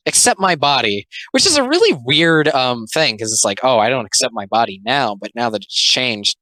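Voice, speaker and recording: A young adult video commentator speaking in casual, rambling comic commentary, full of "like" fillers and sarcastic asides, sometimes dropping into quick mocking character voices. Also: mid-range voice, very animated, bright, forceful tone, no echo, poor audio.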